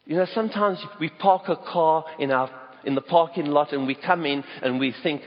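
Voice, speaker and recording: Lively South African pastor preaching. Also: male voice, a little high, moderate pace. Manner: emphatic, storytelling preacher who stresses key words. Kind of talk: sermon. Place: church auditorium. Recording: echoey hall, dull lo-fi sound.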